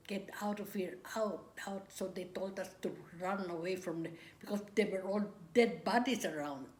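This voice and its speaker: An older woman speaks in a fairly low voice, slowly and haltingly, with pauses and restarts. She is recalling her memories for an interviewer. The room is echoey, with a faint ambient hum underneath. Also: a little mellow. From Philippines. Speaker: grandmother recounting wartime memories. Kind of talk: oral history interview.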